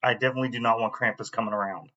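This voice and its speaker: A man's voice: mid-range voice, fairly even intonation, very fast, bright, forceful tone. A man co-hosting a podcast, talking in a laid-back, rambling, profane way. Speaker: podcast co-host. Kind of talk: casual chat. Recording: dull lo-fi glitchy recording.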